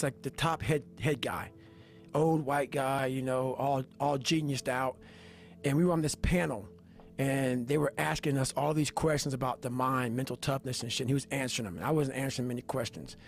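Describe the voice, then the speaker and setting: A man's voice: medium pitch, fairly quick, creaky. A man giving a motivational talk, intense and profane, hammering his points with repetition. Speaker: motivational speaker. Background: faint music.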